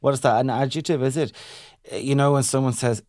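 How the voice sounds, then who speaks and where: Young Irish man, casual podcast chatter, jokey, acts out quotes, mid-pitched voice, dry close mic. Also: steady tone, fast, darkish tone, no echo. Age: young adult. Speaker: podcast co-host. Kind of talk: casual chat.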